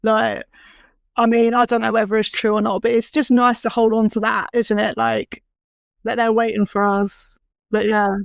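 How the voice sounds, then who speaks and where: A young adult woman hosting a casual podcast conversation about baby loss, speaking candidly and getting animated when frustrated. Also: on the high side, normal speed, vocal fry, no room sound, clean studio sound. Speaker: podcast host.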